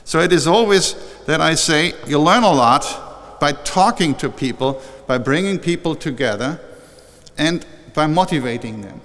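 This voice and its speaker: An older man giving a warm, conversational acceptance speech at a formal ceremony, often restarting and correcting himself. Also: on the high side, lively intonation, a little slow. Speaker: honorary doctorate recipient giving an acceptance speech. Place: large historic chapel hall. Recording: long reverb from a large hall.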